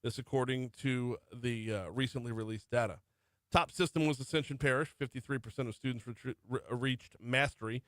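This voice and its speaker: A middle-aged man hosts morning talk radio from a studio, with an even, mid-range voice. He reads through the top stories but keeps breaking off into conversational asides. The sound is dry and close on the mic. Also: medium pitch, fairly quick, dry recording. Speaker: radio morning show host. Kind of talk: talk radio news rundown. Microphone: studio microphone.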